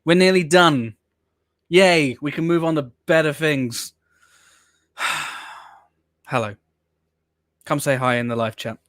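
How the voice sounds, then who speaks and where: A man's voice: on the high side, normal speed, a bit bright, no echo, clean studio sound. Theatrical mock-weary man hosting a stream. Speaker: live stream host. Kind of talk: casual live stream chat.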